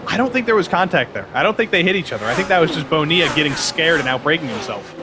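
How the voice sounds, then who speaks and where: A man's voice: a little high, lively intonation, fast. A man giving color commentary on a sim race, chatty and playful, drifting into tangents. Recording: background race car noise.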